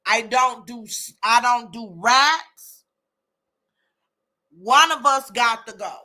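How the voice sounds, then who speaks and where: Chatty lady hosting a live chat, kinda high voice, calls folks by name. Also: slow, bright, forceful tone. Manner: exclamatory, chatty, addresses listeners by name. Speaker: host of a live chat room. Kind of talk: casual chat.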